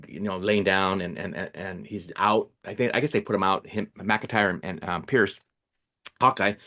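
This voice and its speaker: A man's voice: low-pitched, fairly bright tone. Rambling man co-hosting a podcast. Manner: rambling, many fillers and restarts. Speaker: podcast co-host. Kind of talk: casual chat.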